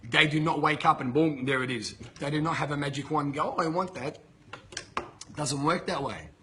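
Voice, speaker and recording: Blunt, profane, high-voiced motivational coach. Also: male voice, a little fast, noisy background. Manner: blunt, profane, emphatic ranting. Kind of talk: motivational talk to camera. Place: filmed in Bali with a camera operator.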